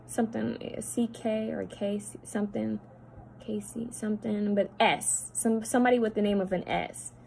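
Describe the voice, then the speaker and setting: A woman psychic medium talking at home, relaying messages in a halting, repetitive way that often drops to a hushed voice. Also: medium pitch, steady tone, creaky, a little hiss or hum, poor audio. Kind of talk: spirit-channeling video monologue.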